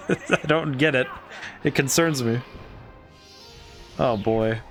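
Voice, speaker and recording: A man streaming a game, chatting casually and excitably, rambling with frequent restarts. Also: mid-range voice, slow, soft background music. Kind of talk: casual gameplay commentary.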